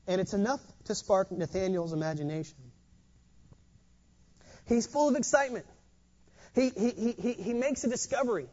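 A preacher giving a sermon in an animated way, often repeating words as they go. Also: medium pitch, moderate pace, pauses often. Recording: dull lo-fi recording.

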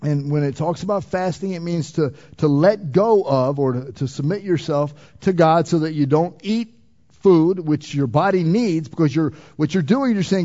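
A man preaches a sermon in a somewhat raised voice that climbs loud and emphatic, then drops low and quiet. The recording sounds dull and lo-fi. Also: moderate pace. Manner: swings between loud emphatic preaching and quiet intimate passages. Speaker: pastor.

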